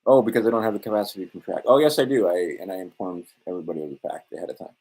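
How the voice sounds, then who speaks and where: A man's voice: sits low, lively intonation, rapid-fire, a little mellow, breathy edge. A man in a rambling, self-assured monologue, swearing often and drifting between points. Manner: profane, digressive, self-assured.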